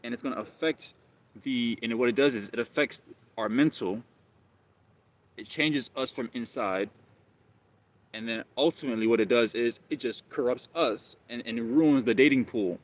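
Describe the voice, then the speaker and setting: Rambling man talking to his live chat. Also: medium pitch. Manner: rambling, repeats himself, says "bro".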